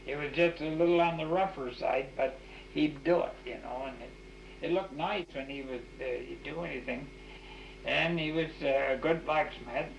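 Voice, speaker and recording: Older man, gravelly, folksy rambling interviewee; echoey, muffled old tape. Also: on the high side, a little hiss or hum. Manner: folksy, full of restarts and "you know". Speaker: oral history interviewee. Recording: echoey, dull 1989 tape recording.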